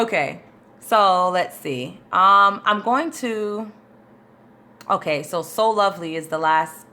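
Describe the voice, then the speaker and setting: A woman's voice: mid-range voice, takes it slowly, pushed and bright, slight background noise. A woman vocal coach chatting loosely and thinking aloud as she answers questions on a live stream into her phone camera.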